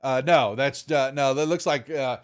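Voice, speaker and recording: A man's voice: mid-range voice, moderate pace. A man running a tabletop game as game master, narrating loosely with lots of fillers. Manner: loose, rambling, full of fillers.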